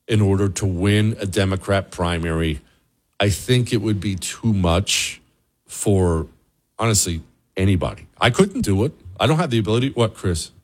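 A man hosting a political talk show, delivering a sarcastic commentary monologue and answering viewer questions. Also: fairly low pitch.

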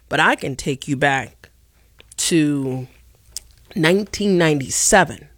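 A middle-aged woman from Chicago hosting a solo radio talk show, speaking with impassioned, deliberate emphasis like a preacher. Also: deep voice, dry recording, clean studio sound.

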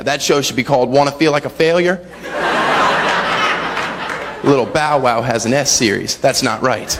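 A man doing a stand-up comedy set, acting out characters in his stories. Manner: acts out voices in his stories, swings high for characters. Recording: live club recording with long reverb and audience noise.

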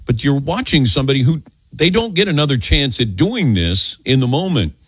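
A man's voice: mid-range voice, very animated, brisk, breathy edge, no room sound. An older man hosting a call-in radio show, chatty and self-deprecating as he tells stories.

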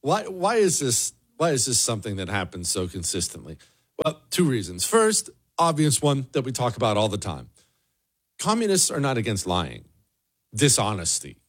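A man runs his solo commentary show in a blunt, sarcastic tone. His pitch swings widely as he presses a point. He often repeats himself for emphasis. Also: wildly swooping pitch, moderate pace. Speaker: political commentary host.

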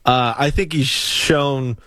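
Man, casual sports chat, halting restarts, dry close sound. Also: medium pitch, fairly even intonation, bright, forceful tone, no room sound. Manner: halting, restarts often, teasing. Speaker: podcast co-host.

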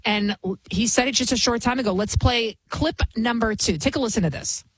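A woman with a husky, slightly breathy voice delivers heated political commentary as a show host. She is emphatic and fervent, and she often stumbles and restarts mid-sentence. The sound is close and dry, with no room echo. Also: fairly high pitch, brisk.

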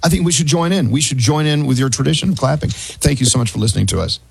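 A man hosting a call-in radio show, chatty and animated, often laughing. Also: mid-range voice, quick pace, gravelly, breathy edge, no room sound.

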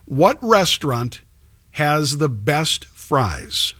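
A man's voice: a little high, sing-song, very slow, fairly bright tone, breathy edge, no echo, clean studio sound. A man hosting a talk show, chatting casually and telling stories with plenty of restarts. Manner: chatty, storytelling, many restarts. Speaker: radio show host.

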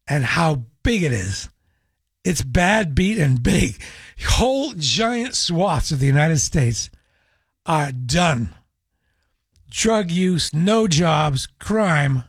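A man's voice: on the high side, breathy edge, dry recording, clean studio sound. A man hosting a radio talk show, chatting in a wry, opinionated monologue.

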